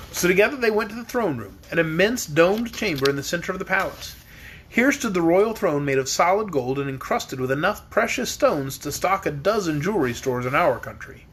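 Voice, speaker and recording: A man narrating a children's storybook in an expressive reading voice. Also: fairly high pitch, a little hiss or hum. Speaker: audiobook reader.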